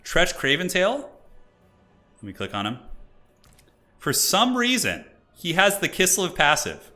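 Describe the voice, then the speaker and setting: Lively bright-voiced male streamer. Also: sits high, unhurried, faint music behind. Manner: excitable, joking, laughs often, chats to viewers. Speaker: streamer hosting multiplayer matches. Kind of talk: casual live-stream commentary.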